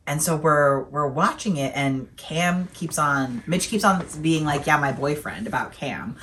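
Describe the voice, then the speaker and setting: A young woman with a strikingly deep voice co-hosts a relaxed Q&A chat. She talks casually and drops dry, joking asides into the conversation. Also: a little slow. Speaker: co-host.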